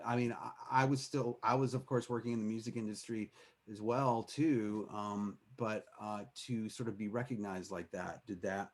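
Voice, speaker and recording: A man hosting a live music stream, chatting casually with hesitant fillers and restarts. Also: lowish voice. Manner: sings with a soaring voice, then talks with hesitant fillers and restarts. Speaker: host.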